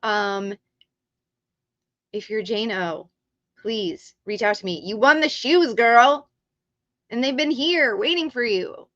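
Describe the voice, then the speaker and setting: A woman running a casual live stream, excitable and talking straight to her viewers in a bright, forceful, slightly high voice. She speaks slowly, and the sound is dry and dull, like lo-fi stream audio. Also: no room sound.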